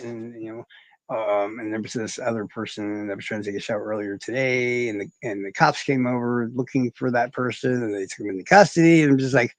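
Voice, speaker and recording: A male livestream host with a mid-range, expressive voice talks quickly to his viewers in a casual chat, rambling, swearing freely, and poking fun at himself. The audio is dry, with no echo.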